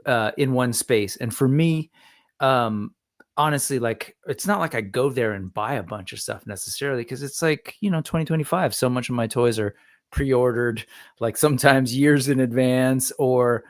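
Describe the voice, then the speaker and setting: A man's voice: mid-range voice, moderate pace. A man hosting a podcast in casual chat, asking questions and reacting with upbeat interjections.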